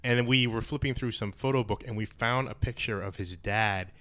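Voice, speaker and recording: A man's voice: mid-range voice, a little fast, sharp tone. A man on a comics podcast, chatting casually in a laid-back way and laughing often. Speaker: podcast co-host. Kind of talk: casual chat.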